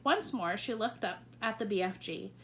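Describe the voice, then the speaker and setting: A woman teacher reading a children's novel aloud with expressive storytelling. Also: medium pitch, moderate pace, a little hiss or hum.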